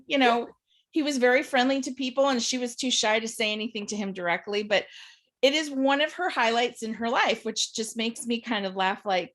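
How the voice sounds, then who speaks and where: A woman on a video call telling funny stories in a chatty, animated way, laughing along as she talks. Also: mid-range voice. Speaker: panel participant. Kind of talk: casual storytelling on a video call.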